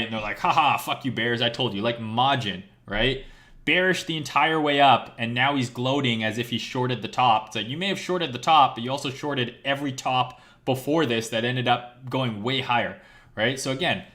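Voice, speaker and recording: Man, hoarse worn voice, casual live-stream rant, blunt and profane, keeps asking "right?". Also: medium pitch, bright, forceful tone. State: losing his voice. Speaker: crypto trading streamer.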